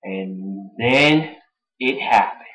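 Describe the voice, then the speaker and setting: Excitable young man with a lively voice. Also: mid-range voice, drawn-out words, poor audio. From Atlanta, United States. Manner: excitable, laughs often while retelling. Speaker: wrestling fan vlogger. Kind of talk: casual fan commentary.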